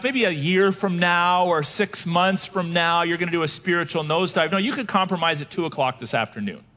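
A male pastor preaches with a notably high voice. He talks in an animated way, putting questions to the congregation and breaking into quoted voices. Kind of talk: sermon.

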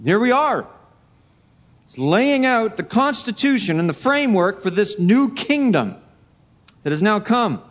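Emphatic high-voiced male preacher. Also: very animated, unhurried, pauses often. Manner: emphatic, repeats key phrases, swings from loud to hushed. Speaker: pastor. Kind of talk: sermon.

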